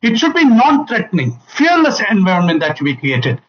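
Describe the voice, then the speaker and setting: A man's voice: high voice, huge pitch swings, normal speed, fairly bright tone, lo-fi sound. A man giving an emphatic public talk to an audience, repeating key phrases and acting out quoted lines. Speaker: family seminar speaker.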